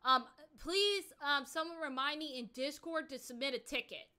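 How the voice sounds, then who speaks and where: Riled-up woman streamer, crisp bright voice, higher pitch, ranting with fillers. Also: moderate pace. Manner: ranting angrily with repeated fillers. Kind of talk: casual livestream chat.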